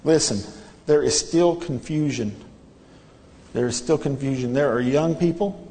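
A man's voice: mid-range voice, a little slow, mellow, big-room sound, slight background noise. A man preaching a sermon in a church, earnest and repetitive, pressing his listeners with rhetorical questions. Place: church sanctuary.

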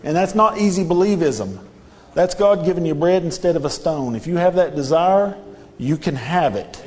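A man's voice: on the high side, normal speed, big-room sound. A man preaching a sermon in a church, earnest and repetitive, pressing his listeners with rhetorical questions. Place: church sanctuary.

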